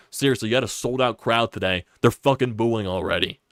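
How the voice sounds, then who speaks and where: A man's voice: fairly low pitch, fairly quick, few pauses, a bit bright, dry recording, clean studio sound. A young man ranting on a live sports stream, frustrated and profane, repeating himself as he talks.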